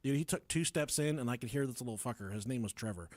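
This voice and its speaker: A young man telling a story on a podcast, profane and animated, laughing through it. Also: mid-range voice, fast talker, dry recording. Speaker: podcast co-host.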